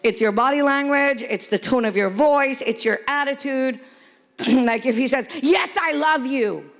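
A woman pastor preaching a sermon to a congregation, often shouting and playfully acting out quoted voices. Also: high voice, moderate pace. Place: church hall before a congregation.

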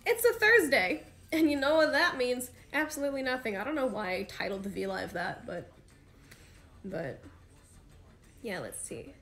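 A woman's voice: on the high side, animated, moderate pace, long pauses, a bit bright. A young woman in her twenties chatting casually on a livestream with fans, rambling and slangy with lots of fillers. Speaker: idol livestream host.

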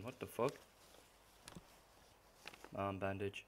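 A young man giving profane gameplay commentary, muttering to himself and then suddenly yelling. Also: fairly low pitch, slow, long pauses. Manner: swears constantly, muttering that bursts into sudden yells. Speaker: gaming channel host. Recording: noisy gameplay recording.

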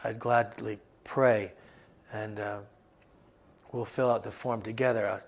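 A man, the pastor, preaching a sermon in a storytelling way, with frequent fillers, moving into a soft, earnest appeal. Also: fairly low pitch, steady tone, unhurried, gravelly.

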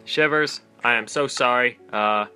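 A man hosts a casual let's play, talking to his viewers as he plays. His voice is sharp and very bright, and he reacts in an animated way, with frequent exclamations. Faint game music plays softly behind him. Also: mid-range voice, unhurried, clear, resonant tone. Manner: animated, exclaiming and laughing in dismay. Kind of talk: casual gameplay commentary.

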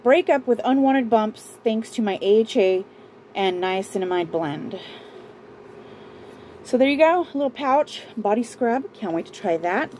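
She's a woman vlogger from Southern California, chatting about a beauty and clothing haul at a measured pace in an animated, fairly high voice with a darkish tone. Breathless and chatty, she rambles, interrupts herself, and laughs often. The audio is poor, with slight background noise.

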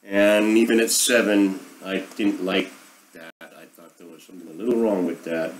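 Low-voiced rambling sarcastic man. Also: steady tone, normal speed, a little hiss or hum, low-quality recording. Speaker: podcast host. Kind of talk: casual monologue.

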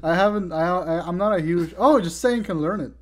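A man's voice: high voice, a little fast. Sweary, teasing man playing a game. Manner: swears a lot, teasing and sarcastic. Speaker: let's play player. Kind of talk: casual gameplay chat.

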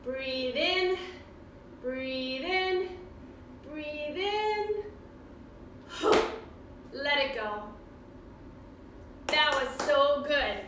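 A woman guides children through yoga in a slow, unhurried, sing-song voice that sits very high. Her tone is bright and encouraging. She sounds far from the mic in a very echoey room with faint background noise. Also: expressive. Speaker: kids' yoga teacher. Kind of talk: guided kids' yoga class. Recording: roomy echo from far off.

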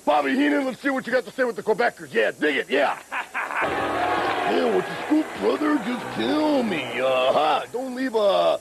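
A middle-aged man co-hosting a wrestling show, talking in a rambling, gravelly growl and a little out of breath. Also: very high voice, big pitch swings, fairly quick, few pauses, background noise. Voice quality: gravelly, growling, keeps saying brother.

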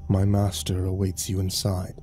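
A man's voice: deep voice, completely flat delivery, moderate pace, dark tone, faint music behind, lightly acted. A man voicing a sneering fallen angel. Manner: commanding, cold and sneering. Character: sinister black-winged male fallen angel, mocking.

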